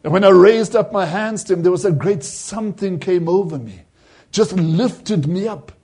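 Husky high-voiced man preaching. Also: normal speed, darkish tone. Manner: quotes voices in the story with rising emphasis. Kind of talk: sermon retelling a vision.

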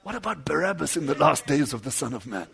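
A man preaching a sermon, telling a story with dramatic swings between loud declamation and hushed low passages, acting out the lines of the people in it. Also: very animated, fast talker, gravelly, breathy edge. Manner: acts out quoted dialogue within the story.

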